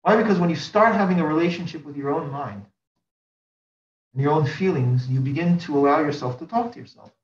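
A man's voice: a little high, brisk. A man, a rabbi, teaching a religious class in a rhetorical way, stacking repeated phrases and rising sharply for emphasis. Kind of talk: religious lecture. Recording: roomy, distant mic, dull sound.

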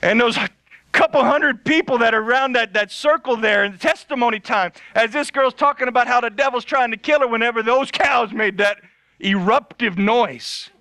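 A male pastor telling a funny story in a sermon, animated and laughing often. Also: very high voice, normal speed, no room sound.

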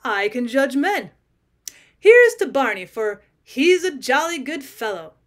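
A vain, swaggering male criminal who brags loudly about his own cleverness, read aloud by a woman. His voice sits fairly high and comes across brash and full of himself. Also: big pitch swings, measured pace, full character voice. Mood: boastful.

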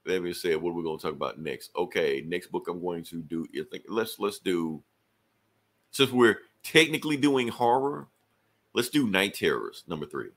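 A man's voice: low-pitched, expressive, moderate pace, a bit bright. A man hosting a casual podcast chat, recapping in a loose, rambling way with plenty of swearing. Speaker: podcast host.

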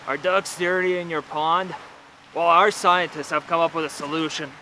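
Young man, mock infomercial, salesman delivery, high voice, music behind. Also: steady tone, moderate pace, pushed and bright. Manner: over-the-top salesman delivery. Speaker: actor in a parody ad.

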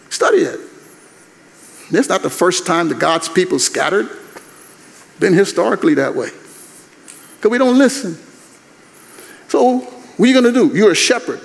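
An older male preacher delivers an animated, conversational sermon. His voice is very high and swings widely in pitch. It echoes with a long reverb through a large chapel. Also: gravelly. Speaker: guest preacher.

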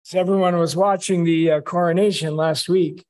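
A man's voice: high voice, steady tone, normal speed, darkish tone. A man, a rabbi, giving a conversational sermon in a synagogue, telling wry stories. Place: synagogue sanctuary.

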